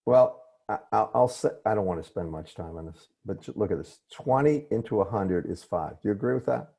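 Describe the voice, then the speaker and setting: A man teaching a class over a video call, his voice low, gravelly and husky. He often stops mid-thought to correct himself and say sorry, then goes on. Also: animated, fairly quick, warm tone. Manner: apologetic, restarts and self-corrections. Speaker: professor. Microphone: computer mic on a video call.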